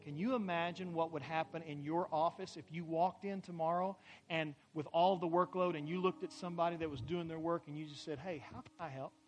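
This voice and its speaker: A man preaching a sermon as a pastor, building emphatically to loud climaxes and having the congregation repeat phrases. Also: fairly high pitch, steady tone, a little fast, dull audio. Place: church sanctuary.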